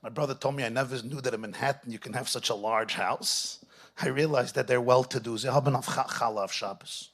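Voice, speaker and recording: A middle-aged rabbi speaks to a gathering in a husky voice. He tells his story with lively energy, dropping Yiddish and Hebrew phrases along the way. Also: mid-range voice, a little fast. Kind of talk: storytelling talk to an audience.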